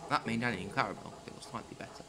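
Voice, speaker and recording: A man narrating a children's railway story in an animated reading voice. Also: mid-range voice, fast talker, vocal fry, a little hiss or hum. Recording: loud music under the voice. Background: loud background music.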